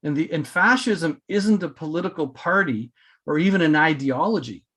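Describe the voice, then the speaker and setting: A man's voice: fairly high pitch, animated, moderate pace, fairly bright tone. A man hosting a casual spiritual podcast, talking in a rambling way with many fillers and restarts. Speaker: podcast host.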